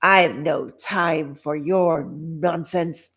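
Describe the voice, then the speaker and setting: A woman voicing a grumpy old man who scolds children in a slow, gruff way. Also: sits low, fairly even intonation, a bit bright, exaggerated voice. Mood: scolding.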